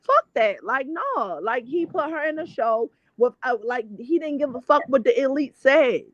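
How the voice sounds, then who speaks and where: Give me a blunt, profane woman hosting a celebrity gossip show. Her voice sits a bit high, and she keeps restarting her sentences. The sound is dull, dry and lo-fi. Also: big pitch swings, moderate pace, dry recording. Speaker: host. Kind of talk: casual celebrity gossip chat.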